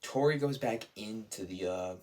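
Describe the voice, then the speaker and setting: A man giving a casual, excited recap as a reviewer, rambling and leaning on "like", "dude" and "bro". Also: lowish voice, moderate pace. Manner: enthusiastic, rambling, heavy use of "like", "dude" and "bro".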